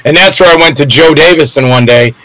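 A man's voice: a little high, a little fast, pushed and bright, a little hiss or hum, low-quality recording. An older man, an actor, telling rambling anecdotes in a casual interview and acting out the voices of people in his stories.

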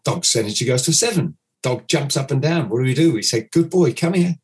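A man's voice: medium pitch, expressive, quick pace. A man, a dog trainer, explaining his method in an interview, acting out owners' commands.

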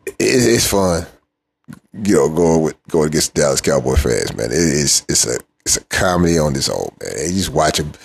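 A man's voice: lowish voice, creaky, darkish tone, slightly rough. A middle-aged man hosting a podcast, ranting casually and teasingly about football rivals, laughing often and trailing off into mumbles. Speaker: podcast host. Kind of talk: casual sports rant.

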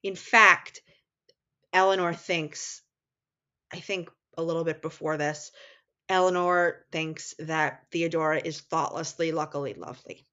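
A woman's voice: low voice, a little slow. New York woman talking books, lo-fi. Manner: animated, explanatory, laughs at own slips. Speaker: podcast co-host. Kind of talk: casual literary discussion.

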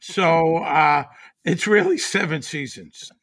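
A man's voice: a little high, slow pace, a bit bright. A man speaking as a podcast guest in casual chat, with wry, chuckling asides.

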